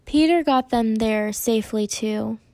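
A tender storybook mother, soft-spoken and steady, who quietly makes light of her own trouble, as a woman reading aloud puts her on. The voice sits a little high and dry, close to the mic. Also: unhurried, no echo. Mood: soothing. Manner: soft, steady, self-deprecating. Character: gentle, injured mother, calm and reassuring.

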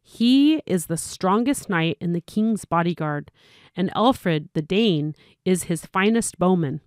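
A woman's voice: on the low side, lively intonation, slow, darkish tone, no room sound, clean studio sound. A woman voicing an eager young boy, a knight's son, in old-fashioned speech, in a storybook reading.

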